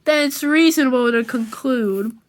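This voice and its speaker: Woman as a brainy young comic hero, earnest and quick. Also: sits high, natural voice. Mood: musing.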